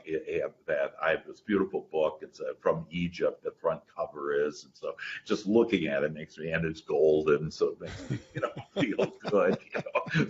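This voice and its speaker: A man speaking as a guest mindset coach in a casual interview, rambling and earnest. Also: low voice. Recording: dull lo-fi sound.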